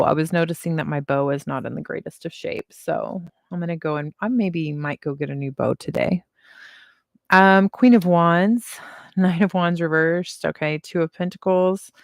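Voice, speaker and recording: A woman in her forties gives a casual tarot reading on a livestream from a table at home. Her voice sits fairly low and the sound is close and dry. She repeats her reassurances over and over and drifts into chatty asides. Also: dry recording. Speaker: tarot reader.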